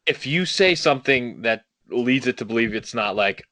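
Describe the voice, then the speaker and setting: A man on a podcast, trading dry sarcastic jokes. His voice is mid-range and even for a man. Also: mid-range voice, moderate pace. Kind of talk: casual chat.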